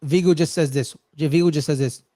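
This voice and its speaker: A man co-hosting a casual movie review chat, retelling scenes in an animated way and acting out the characters' lines. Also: a little high, a little fast, dry recording. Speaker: podcast co-host.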